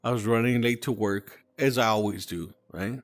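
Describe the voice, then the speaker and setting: A man's voice: on the low side, normal speed. A man hosting a podcast, tipsy from drinking, telling a story in a loose, swearing, emotional way. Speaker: podcast host. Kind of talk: casual chat.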